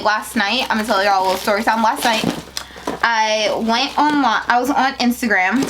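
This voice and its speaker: Young woman vlogging an unboxing, high voice, slow and drawn out, gets real emotional, lots of slang. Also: noisy background. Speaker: beauty business owner. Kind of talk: casual unboxing vlog.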